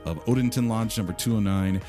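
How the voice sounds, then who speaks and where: A man's voice: fairly low pitch, fairly quick, music in the background. A man hosting a podcast interview, reading an introduction and then asking questions in a friendly way. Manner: friendly, scripted introductions, calls guest brother. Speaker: podcast host.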